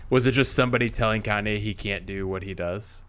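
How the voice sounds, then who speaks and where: A man chatting casually as a podcast co-host, with a somewhat low voice. He sounds easygoing and conversational. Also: fast, a bit bright, clear, resonant tone. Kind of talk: casual chat.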